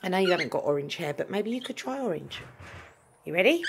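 A woman's voice: fairly low pitch, expressive, brisk. A middle-aged mother talking bluntly in a casual home video from her bedroom, tired and unwell, swearing freely. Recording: noisy home recording.

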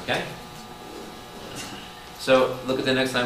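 Male priest, Bible study teacher, animated, keeps questioning listeners, roomy echo, distant mic, noisy background. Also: mid-range voice, brisk. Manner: animated, quizzes the audience with constant questions, bursts into loud exclamations. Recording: echoey room, distant mic, audible background noise.

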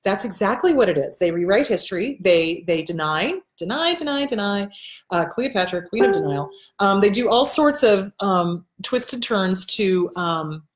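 A woman counselor talks straight to her viewers in a casual, blunt way. She hammers her points home by repeating them and swears now and then without fuss. Her voice sits at an ordinary pitch, and the room around her sounds echoey. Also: lively intonation, normal speed, a little hiss or hum. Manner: acts out quoted people in a shifted voice. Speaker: host and counselor answering viewer questions. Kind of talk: casual advice talk to camera. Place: indoors in front of a backdrop.

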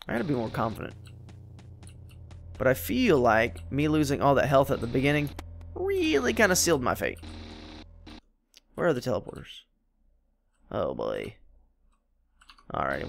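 A man's voice: mid-range voice, gravelly, slight background noise. A man giving let's play commentary, swearing and yelping in frustration as he plays. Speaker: gameplay commentator.

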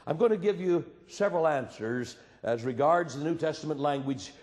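Preacher with a dramatic, echoing delivery. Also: male voice, fairly high pitch, animated, moderate pace. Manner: dramatic storytelling, swinging from loud emphasis to hushed quiet. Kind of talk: sermon.

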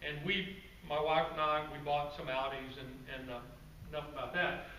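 A man giving a guest-speaker presentation to a club audience, telling stories in a relaxed, conversational way with asides to the crowd. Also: on the high side, moderate pace. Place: meeting room with an audience. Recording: roomy, distant, faint background noise.

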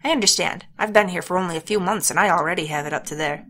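A woman's voice: fairly low pitch, fast, bright, forceful tone. A woman reading the lines of an earnest male sawmill worker who rallies people against local rulers, in her own near-plain voice. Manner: earnest, rallying. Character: earnest middle-aged male sawmill worker, rabble-rousing.

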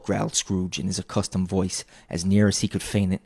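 A man narrating an audiobook in an expressive storytelling way, close to the mic. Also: deep voice, brisk, gravelly, husky, no echo.

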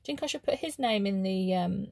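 A woman chatting casually as she opens craft mail, gushing with soft oohs and ums. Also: medium pitch, lively intonation, fast talker, vocal fry, dry recording. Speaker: craft vlogger. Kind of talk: casual unboxing chat.

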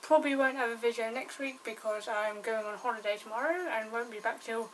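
A young woman with a British accent chats loosely to camera, swearing and rambling. Her voice sits a little high. She sounds set back from the mic, with a faint noise floor. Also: a little fast. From Britain. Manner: chatty, swears casually, rambling. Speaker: vlogger. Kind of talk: casual vlog chat. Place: home indoors. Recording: recorded from a distance, faint background noise. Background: dogs outside.

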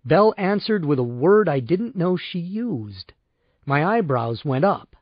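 A male audiobook narrator with a slightly high, very lively voice, telling the story in a wry, sardonic first person. The recording is dry and close, with a dull lo-fi sound. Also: a little slow, dry recording.

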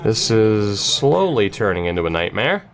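A young man commentating his own football video game, emotional and swearing, going from tense muttering to high yelling. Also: big pitch swings, normal speed. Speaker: gaming YouTuber. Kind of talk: gameplay commentary.

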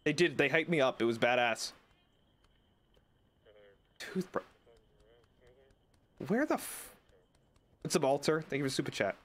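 A young man streaming a game, chatting excitedly and joking with his chat. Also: on the high side, unhurried, pauses often. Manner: excitable, jokey, talks to chat. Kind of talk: casual gameplay commentary.

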